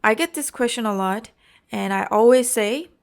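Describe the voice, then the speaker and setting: A woman's voice: on the high side, moderate pace. A woman with a Korean accent teaching an IELTS exam-prep lesson, explaining carefully and often checking in with "okay?" and "you know".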